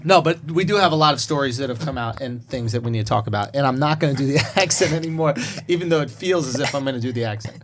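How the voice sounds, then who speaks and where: A man co-hosting a comedy podcast, loud and laughing, cursing freely in rowdy banter. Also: medium pitch, quick pace, few pauses, a little hiss or hum. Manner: loud, laughing, swearing often. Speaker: podcast co-host.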